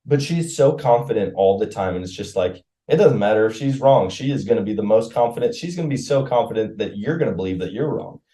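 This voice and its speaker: A man co-hosting a casual podcast with his wife, joking and telling quick stories. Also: lowish voice, expressive, warm tone. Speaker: podcast co-host. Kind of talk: casual chat.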